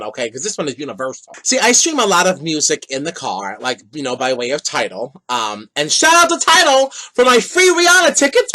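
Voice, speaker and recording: A man's voice: sits high, pushed and bright. A man hosting his own podcast, delivering an opinionated, sassy monologue with whooping exclamations. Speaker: podcast host.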